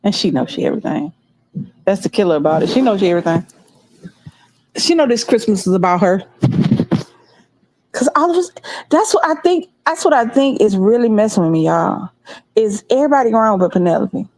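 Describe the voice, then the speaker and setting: A woman's voice: mid-range voice, lively intonation, a little fast, pauses often, a little mellow, low-quality recording. A middle-aged woman hosting a livestream, rambling and chatting straight to her viewers in a casual, unscripted way. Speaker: livestream host.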